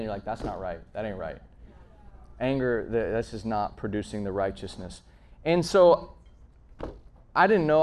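Earnest man preaching a conversational sermon. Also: medium pitch. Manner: earnest, swings between emphatic and hushed; frequent fillers and restarts, storytelling.

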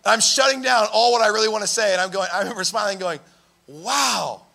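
A young man preaching a sermon, telling stories in an animated way and raising his voice for emphasis. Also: high-pitched, racing. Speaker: pastor.

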